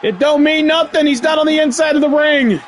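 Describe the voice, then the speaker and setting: A man streaming live, calling a wrestling video game play by play. He yells, swears and laughs at the action. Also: very high voice, steady tone, a little fast, some chatter behind, slight background noise. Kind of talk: excited live play-by-play commentary.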